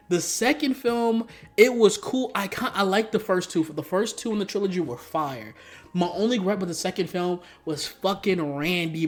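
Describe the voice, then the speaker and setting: A young man giving a casual, rambling, profane film review, full of slang and sudden high-pitched outbursts of disbelief. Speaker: YouTube movie reviewer.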